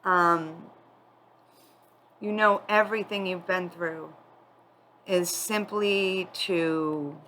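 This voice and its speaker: A woman giving a spiritual tarot reading, tearful and crying as she talks in a candid, halting, confiding way. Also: fairly low pitch, steady tone, pushed and bright, slight background noise, poor audio. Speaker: tarot reader.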